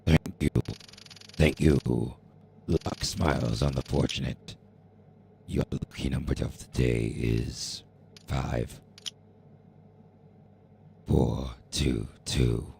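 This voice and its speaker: A man putting on a deep robotic fortune tree. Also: fairly even intonation, gravelly, darkish tone, slight background noise, full character voice. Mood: solemn. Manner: slow, booming, mechanical.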